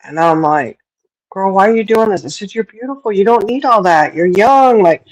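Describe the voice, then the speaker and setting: A woman's voice: expressive, moderate pace, rough recording. A woman co-hosting a casual talk show, telling a story with lots of laughs and colorful sayings. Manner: chatty storyteller, laughs often, Southern-style sayings; mimics others with raised pitch. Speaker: podcast co-host. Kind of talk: casual chat.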